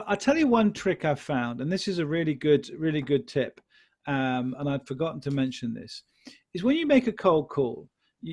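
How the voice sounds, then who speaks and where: Encouraging man teaching sales, fairly high voice. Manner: encouraging, repeats key phrases. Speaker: sales trainer. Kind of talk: live online Q&A lesson.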